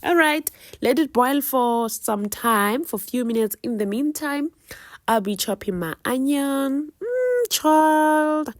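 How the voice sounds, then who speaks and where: A woman's voice: high voice, big pitch swings, takes it slowly, no room sound, clean studio sound. A woman with a South African accent chatting casually through a home cooking vlog, teasing viewers with playful life advice. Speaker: cooking vlogger.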